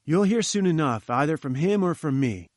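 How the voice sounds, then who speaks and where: A man voicing an eager, cheerful young male journalist who talks briskly, in an audiobook reading. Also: fairly high pitch, animated, darkish tone, dry recording, clean studio sound, lightly acted. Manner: brisk and enthusiastic.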